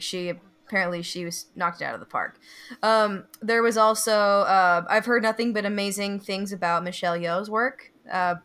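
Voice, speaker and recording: A woman's voice: medium pitch, a bit bright. A woman on a casual panel discussion, hesitant and using many fillers.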